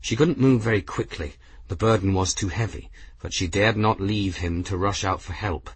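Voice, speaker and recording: A man narrates a fantasy story with a steady, dramatic delivery. His voice sits low and sounds husky. The recording is close and dry. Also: moderate pace, dry recording. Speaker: audiobook narrator. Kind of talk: scripted narration.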